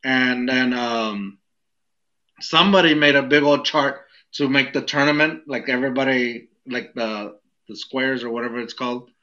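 A man's voice: mid-range voice, moderate pace, bright, forceful tone, highs cut off. A young man telling a story in casual chat, rambling and searching for words with many fillers. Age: young adult.

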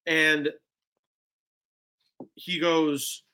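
A young man telling a story on a podcast, casual and animated, acting out what people said with lots of "like" and "bro". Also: fairly high pitch, unhurried, pauses often. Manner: animated, acts out quotes, heavy "like" and "bro". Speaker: podcast guest.

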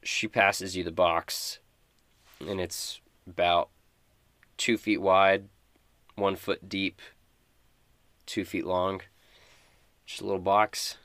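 A man's voice: low voice, little pitch movement, takes it slowly, pauses often, a bit bright, no room sound. A man narrates a tabletop game as its game master, easygoing and conversational. His voice sits dry and close, with no room sound around it.

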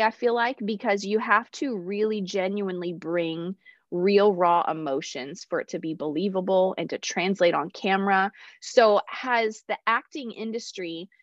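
A woman's voice: fairly low pitch, no echo, muffled recording. A woman with a Texan accent hosting a casual faith podcast interview, chatty and affirming, asking long rambling questions. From Texas. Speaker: podcast host.

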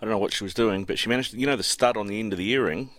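A man in his thirties with a New Zealand accent, telling stories in a relaxed, rambling way during a casual chat. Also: lowish voice, very fast, no room sound.

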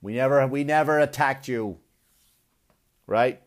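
A man's voice: medium pitch, unhurried. A man on a blunt, profane comic rant, arguing and mocking as he goes. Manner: blunt, swearing, argumentative, mocking.

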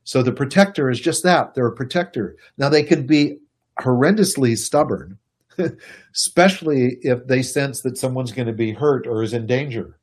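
A man giving a casual, animated explanation to a listener, chuckling and speaking to them directly. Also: mid-range voice, normal speed. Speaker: speaker explaining personality types.

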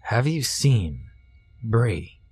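A man voicing a weary, wary detective who mumbles in a low, blunt way. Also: very animated, very slow, darkish tone, breathy edge, faint music behind, full character voice. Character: weary, wary middle-aged male detective.

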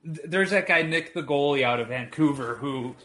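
A man's voice: fairly high pitch, normal speed, crowd noise. Man telling laughing hockey stories. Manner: laughing, animated anecdotes. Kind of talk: casual storytelling chat.

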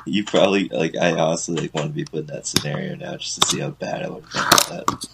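A man's voice: a bass voice, fast talker, creaky, very noisy. A young man in casual podcast chat, making dry, teasing remarks.

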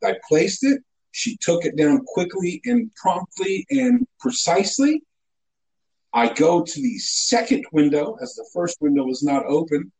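A man telling a comic story in a casual chat, animated and mock-indignant. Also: a little high, a little slow, rough recording.

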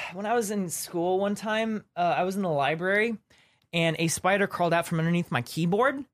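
A man from Louisiana telling animated stories in a casual group chat, acting out his own yells. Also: sits high, normal speed.

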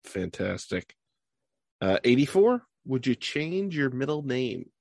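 Lively, playful male interview host. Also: mid-range voice, slow, gravelly, no room sound, clean studio sound. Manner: playful, upbeat, jokey reactions. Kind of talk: rapid-fire question interview. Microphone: video call.

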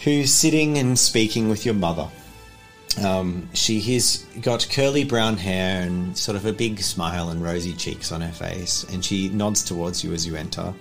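A man narrating a tabletop role-playing game as game master, in a rambling, relaxed manner full of fillers. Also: low voice, moderate pace, faint music behind.

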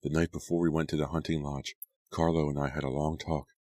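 A tearful teenage girl, as a deep-voiced male reader plays her, murmuring her words softly. Dry, close sound. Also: level tone, brisk, no room sound. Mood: distraught. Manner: soft, murmuring.

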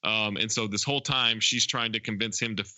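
A man's voice: lowish voice, fairly even intonation, brisk, bright, forceful tone, no room sound. A man co-hosting a podcast, casually retelling a movie scene by scene with lots of ums and uhs. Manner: rambling scene-by-scene retelling with many fillers. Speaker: podcast co-host. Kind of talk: casual movie recap chat.

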